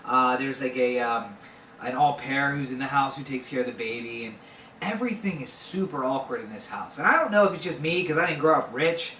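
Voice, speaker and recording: A man's voice: medium pitch, animated, fairly quick, bright, forceful tone, a little hiss or hum. A man in his twenties casually telling a true story, full of fillers and swearing. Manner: conversational, swears freely, lots of fillers. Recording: echoey room, voice a bit far from mic.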